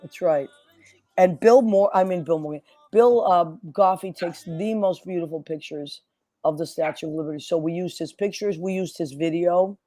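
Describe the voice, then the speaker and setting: A woman hosting a casual chat, telling lively stories and acting out what people said. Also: fairly low pitch, moderate pace, no echo. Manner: animated storyteller, acts out quotes. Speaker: podcast host. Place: New York.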